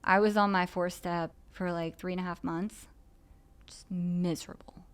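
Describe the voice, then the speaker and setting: Woman on a podcast, smooth clear voice, earnest and confessional, lots of "like" and "you know". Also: on the low side, fairly even intonation, normal speed. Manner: earnest, confessional, with frequent filler phrases. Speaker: podcast speaker on recovery steps. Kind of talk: candid personal podcast talk.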